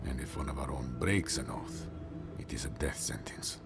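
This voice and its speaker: A man's voice: extremely low pitch, normal speed, music in the background. An actor playing a weary male warden captain bound by his oath, speaking solemnly and measuredly, trailing into near-whispers.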